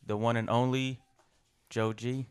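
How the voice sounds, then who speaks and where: Playful smooth-voiced podcast host man. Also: mid-range voice, level tone. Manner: playful, drawn-out announcer delivery. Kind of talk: casual chat.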